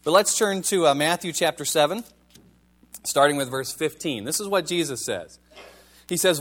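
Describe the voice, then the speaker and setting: A man's voice: fairly high pitch, lively intonation, normal speed, a bit bright. A male pastor giving a sermon in a conversational, wry manner, reading scripture and asking the congregation rhetorical questions.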